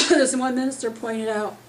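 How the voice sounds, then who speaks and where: Lady preaching, kinda high voice, going hoarse, earnest and rambly, talking loud w/o a mic. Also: fairly even intonation, unhurried, slight background noise, poor audio. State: losing her voice. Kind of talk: conversational sermon. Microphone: speaking loud without a microphone.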